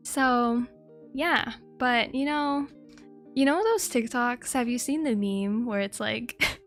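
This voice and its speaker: A young woman with a high voice chats casually on her VTuber stream. She giggles often and swears freely as she reads chat. Faint music plays behind her. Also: takes it slowly, pauses often, a bit bright. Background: faint background music.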